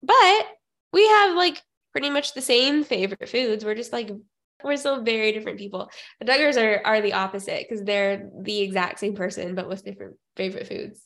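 A woman's voice: medium pitch, steady tone, a little fast, vocal fry, a bit bright. A young woman co-hosting a podcast, chatting casually and with a snarky edge, often laughing and trailing off mid-sentence. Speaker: podcast co-host.

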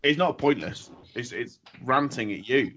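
A man's voice: medium pitch, expressive, unhurried, fairly bright tone, a little hiss or hum. A man co-hosting a casual podcast, swearing freely and flaring into exasperated rants. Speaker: podcast co-host.

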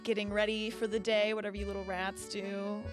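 A woman's voice: medium pitch, little pitch movement, brisk, music in the background. A young woman narrating as game master in a casual, loose way.

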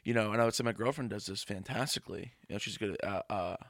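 A young man co-hosting a podcast in casual chat, animated and rambling, swearing freely. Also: fairly low pitch, fast talker, no room sound, clean studio sound. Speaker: podcast co-host.

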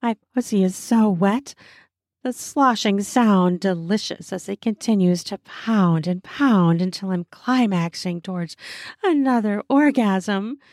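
A woman narrating a first-person erotic audio story in a breathy, intimate voice. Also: mid-range voice, unhurried, no room sound, studio quality. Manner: breathy and intimate, slipping into soft moans.

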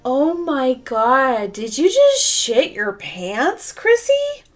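A woman's voice: high-pitched, big pitch swings, drawn-out words, soft background music, pitched above the performer's own voice, full character voice. A woman voicing a crude, mocking adult man who taunts and swears.

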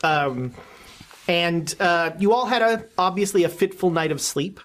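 Slow-talking keeper narrating a creepy dream, lots of uhs and restarts. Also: medium pitch, expressive, a bit bright. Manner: halting, with many restarts and fillers. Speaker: game master. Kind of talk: narrating a horror tabletop game.

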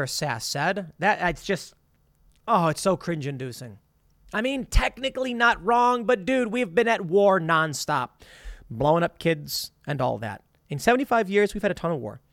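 A man's voice: high-pitched, fairly bright tone, no room sound, studio quality. A man hosting his own political commentary show, reading quotes aloud and reacting with sarcasm.

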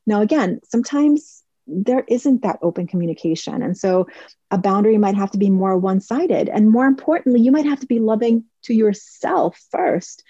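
A woman's voice: mid-range voice, animated, moderate pace, warm tone, husky, dry recording, muffled recording. A woman in her forties hosting a podcast, chatting casually and telling stories while acting out other people's lines. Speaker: podcast host. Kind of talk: casual advice talk.

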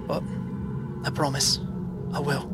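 A man's voice: unhurried, close to an everyday voice. A man voicing an earnest pub girl. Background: background music.

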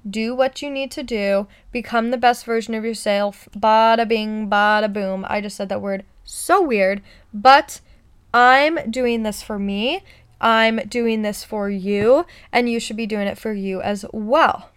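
A woman's voice: a little high, measured pace, clear, resonant tone. Upbeat woman hosting a motivational podcast. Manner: excited, pep-talk cheerleading. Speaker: podcast host. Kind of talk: solo motivational podcast talk.

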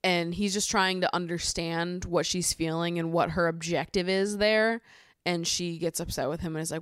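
Woman podcast host, casual recap, lower register, clean voice, swears freely. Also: normal speed, clear, resonant tone, no room sound, clean studio sound. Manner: chatty, swears freely, rises to exasperated high pitch when ranting. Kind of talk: casual reality-show recap.

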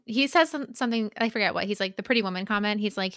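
Young woman, co-host, casual book chat, crisp bright tone, dry close recording. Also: a little high, fairly quick, no echo. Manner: chatty, laughing, drops to a soft aside. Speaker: podcast co-host.

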